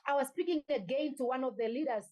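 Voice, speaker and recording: A woman's voice: sits high, quick pace, darkish tone, rough recording. A woman coach giving a motivational talk to her sales team, urging them with repeated calls to act and focus. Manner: urgent, repetitive exhortation. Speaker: network marketing coach.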